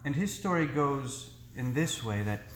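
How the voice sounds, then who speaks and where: Male priest preaching a sermon at a slow, unhurried pace, earnest and deliberate, mid-pitched voice, echoing church room. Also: animated, a little hiss or hum.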